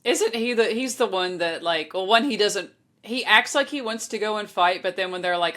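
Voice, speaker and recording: A woman's voice: medium pitch, moderate pace, a bit bright. A woman co-hosting a film podcast in casual chat, with dry, wry remarks. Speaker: podcast co-host.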